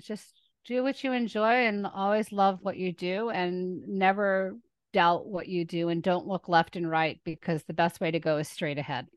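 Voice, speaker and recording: A woman from the Northeast, a teacher chatting as an interview guest, lively and quick with frequent laughs. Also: on the low side, clear, resonant tone, dry recording. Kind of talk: casual interview chat.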